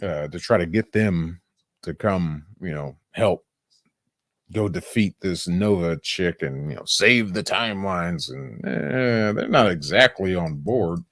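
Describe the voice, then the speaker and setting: Brief: male podcast host, lively pitch, unhurried delivery, laughs a lot, swears freely, dry close sound. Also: no echo. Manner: animated, laughing, profane, with lots of quoted voices. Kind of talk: casual movie review chat.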